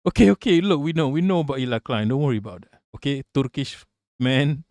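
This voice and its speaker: A man's voice: medium pitch, animated, fast talker, a little mellow, dry recording, studio quality. A man streaming live, joking crudely and rambling as he reacts to clips. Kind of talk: casual live-stream commentary.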